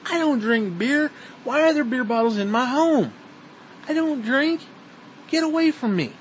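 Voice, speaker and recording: A man delivering an angry, profane, repetitive rant straight at the listener. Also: sits high. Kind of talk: ranting monologue to the camera. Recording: dull lo-fi recording with faint noise.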